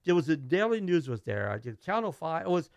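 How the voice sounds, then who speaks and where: Middle-aged man, Brooklyn New York accent, lively storyteller acting out the dialogue; slightly raised pitch, dry room. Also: brisk, vocal fry, dry recording. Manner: animated, acts out quoted dialogue, restarts. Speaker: guest musician. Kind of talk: casual storytelling interview.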